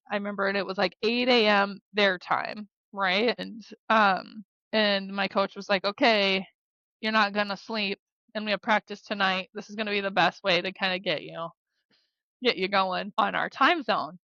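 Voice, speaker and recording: A bright, forward-voiced woman in her thirties with a Midwestern American accent tells stories in a relaxed podcast interview. She talks in loose, rambling sentences full of "like" and "you know" and laughs often. The recording is dry and a little muffled. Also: medium pitch, dry recording. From South Dakota, USA. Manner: chatty, lots of "like" and "you know", laughs easily. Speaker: podcast guest, former basketball player and therapist. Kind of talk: casual interview storytelling. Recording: slightly dull dry podcast audio.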